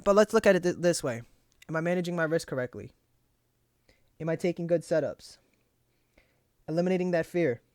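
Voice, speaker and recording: A man's voice: mid-range voice, darkish tone, no echo, studio quality. A young man casually reviewing his trades aloud, cursing freely and talking himself through frustration. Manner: profane, frustrated self-talk, pep-talks himself. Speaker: trading journal host.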